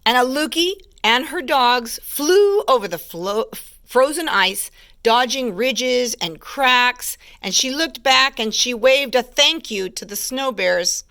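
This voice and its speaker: Expressive woman teacher reading aloud. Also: on the high side, slow pace. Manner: expressive, hushed asides about pictures. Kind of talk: storybook read-aloud.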